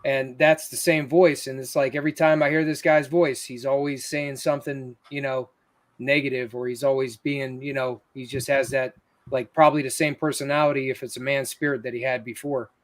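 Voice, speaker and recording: A man's voice: medium pitch, level tone, brisk. A man, a paranormal investigator, earnestly explaining his recordings in casual chat.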